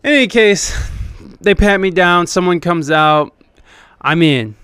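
A man's voice: high-pitched, unhurried, fairly bright tone, smooth, no room sound. A young man hosting a podcast, telling a rambling, profane story about a gig in a casual, self-deprecating way. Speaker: podcast host and band keyboardist.

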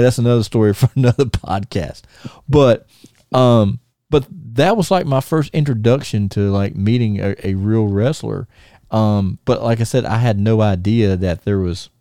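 A man's voice: on the low side, warm tone, no room sound, clean studio sound. A middle-aged man, hosting a podcast and telling a long, rambling, stop-start story to a friend. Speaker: podcast host.

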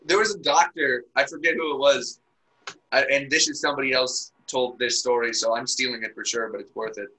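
Laughing, bright-voiced young man joking around. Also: mid-range voice, fairly even intonation, brisk, poor audio. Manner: laughs constantly, crude and joking. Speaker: podcast co-host. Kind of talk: casual comedic chat.

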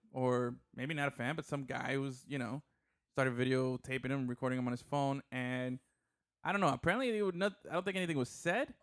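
A man's voice: a little high, a bit bright. A man hosting a casual podcast, joking with his co-hosts and laughing often. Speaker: podcast host.

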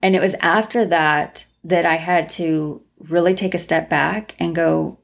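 Low gravelly-voiced woman telling a story. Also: steady tone, measured pace, few pauses. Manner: rambling, many restarts and fillers. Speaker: guest, tarot reader and former crime analyst. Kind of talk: casual storytelling interview.

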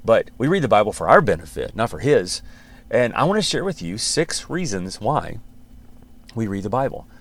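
A man, a pastor, hosting a podcast and teaching in a relaxed, conversational way with frequent restarts and light chuckles. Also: fairly low pitch.

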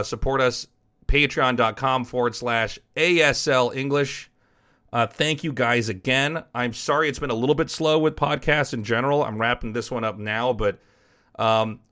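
A man's voice: medium pitch, sharp tone. A man hosting a podcast, telling a personal story in a frank, rambling way and swearing casually. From United States. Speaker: podcast host and esports caster.

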